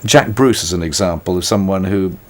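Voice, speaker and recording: A man's voice: deep voice, fairly quick. An older British man talking thoughtfully in an interview, wry and self-mocking, often restarting his sentences. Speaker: musician being interviewed. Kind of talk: reflective conversational interview.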